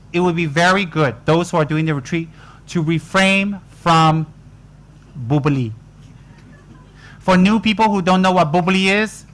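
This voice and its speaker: With a slightly high, fairly bright voice, this Buddhist teacher delivers a lighthearted dharma talk to people on retreat. His style is playful and teasing, full of casual, colloquial asides.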